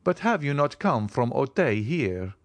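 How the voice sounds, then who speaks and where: A man voicing a wealthy, self-assured nobleman who speaks crisply and offhandedly. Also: mid-range voice, big pitch swings, a little slow, no echo, voice pushed up. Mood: cool, assured. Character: rich, cool, commanding nobleman, adult man.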